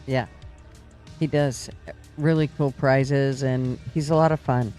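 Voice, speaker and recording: A man's voice: mid-range voice, steady tone, measured pace, darkish tone, soft background music. A man co-hosting a live stream in casual chat, laid-back and agreeable, rambling a little. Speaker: stream co-host.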